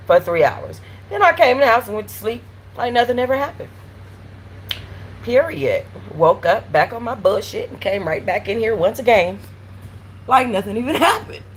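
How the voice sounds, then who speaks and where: A woman hosting a live stream from her apartment, telling animated, slangy stories with blunt cursing. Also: medium pitch, slight background noise, rough recording. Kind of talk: casual live-stream chat. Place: at home in an apartment.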